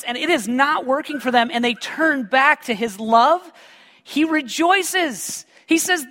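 A man's voice: high voice, fairly bright tone, big-room sound. A man preaching a sermon to a congregation, mixing scripture with funny personal stories and joking asides to the listeners. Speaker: pastor.

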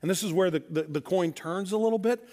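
A man from Missouri preaches a sermon in a fairly high voice. He makes emphatic points and acts out the dialogue of the people in his stories. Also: a little fast, a little mellow. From Missouri, USA. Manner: storytelling with acted-out dialogue, emphatic. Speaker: pastor.

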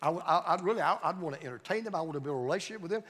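A man's voice: on the high side, expressive, racing, a bit bright, long reverb tail. A man preaching a sermon as pastor in a church, building his points through emphatic, repeated phrases. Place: church sanctuary.

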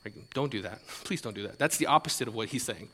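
A man's voice: fairly low pitch, animated, fast talker, a bit bright, long reverb tail. A male pastor giving a conversational sermon, often repeating words and adding light laughs.

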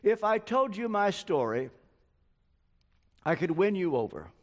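An older man delivers a sermon at a slow, measured pace, earnest and personal. His voice sits somewhat high for a man. Long reverb from a large church hall hangs on each phrase. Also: sing-song. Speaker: preacher.

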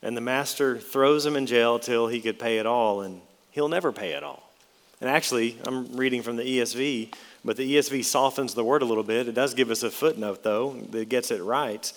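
A man's voice: medium pitch, a little fast, big-room sound. A man preaching an expository sermon, emphatic, with his voice rising and dropping for effect.

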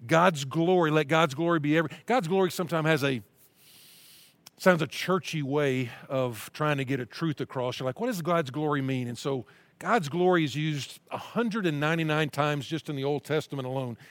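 Man, pastor, sermon, somewhat high voice, dry close mic, earnest scripture reading. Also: normal speed, no room sound. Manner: earnest preaching, reading scripture aloud with emphasis.

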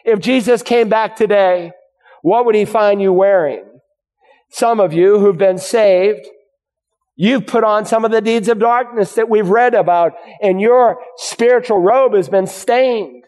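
A man with a high voice preaches a sermon from the pulpit, pressing his points with rhetorical questions. His voice rings out with a long hall reverb. At times he sinks into a hushed prayer. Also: a little slow. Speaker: pastor.

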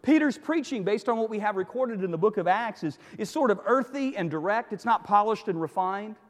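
Male pastor, high-pitched and animated, sermon with joking stories, hall echo. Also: fairly quick. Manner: animated storytelling with joking asides.

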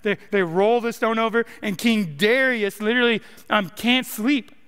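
Young male preacher, smooth and high, in a reverberant church hall. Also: moderate pace, a bit bright. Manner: casual, joking preaching with many likes and rights. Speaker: college minister. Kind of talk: sermon. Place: church sanctuary.

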